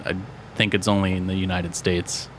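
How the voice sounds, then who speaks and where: Laid-back low-voiced guy podcaster. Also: little pitch movement, slight background noise. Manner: laid-back, swears casually, reads names haltingly. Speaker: podcast co-host. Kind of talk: casual chat.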